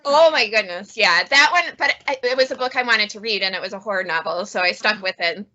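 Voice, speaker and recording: A woman librarian hosting a casual book chat, talkative and quick to laugh. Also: medium pitch, bright, forceful tone, dull audio. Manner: chatty, laughs often. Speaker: librarian, segment host.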